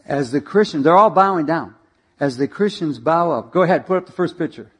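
A male preacher telling a dramatic story in a sermon, animated and directing slides as he goes. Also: on the high side, a little fast, breathy edge.

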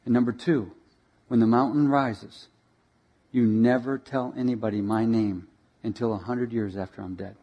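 A man voicing a humble, devout elderly water carrier who speaks softly and earnestly, in a sermon story. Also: medium pitch, steady tone, moderate pace, pitched below the performer's own voice, lightly acted. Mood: earnest, quiet.

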